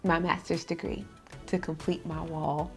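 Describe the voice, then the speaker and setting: A woman in her thirties with a drawl chats straight to a tripod camera in her home office. Her voice sits a bit low and has a gravelly edge. She talks freely and emotionally, and faint music plays underneath. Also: flat delivery, a little slow. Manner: chatty and emotional, with laughs and restarts. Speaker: vlogger. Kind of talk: casual vlog chat.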